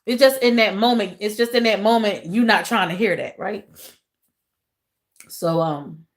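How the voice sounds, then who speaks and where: A woman hosting a casual livestream, talking with viewers in an emotional, soft way, repeating phrases and calling them y'all. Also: medium pitch, unhurried. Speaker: livestream host.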